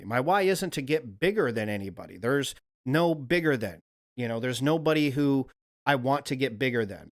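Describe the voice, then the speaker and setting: A man hosting a livestream, talking in a loose, rambling, profane monologue. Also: mid-range voice. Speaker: livestream host.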